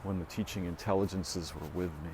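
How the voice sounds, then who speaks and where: Speaking briskly with fairly even intonation, a man rambles and speculates alone, his thoughts trailing off into fillers and restarts and his pitch leaping up when he stresses something. Background noise is audible.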